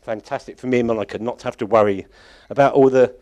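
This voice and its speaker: A man's voice: mid-range voice, fairly even intonation, fast, darkish tone. A man giving an informal, rambling closing address at a church conference. He chuckles often and keeps correcting himself. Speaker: conference organiser addressing congregation.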